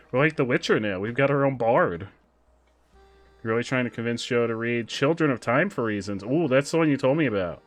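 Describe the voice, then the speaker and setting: A man streaming a game, chatting casually with viewers, excitable and quick with asides. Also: mid-range voice, soft background music. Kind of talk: casual gameplay chat with viewers.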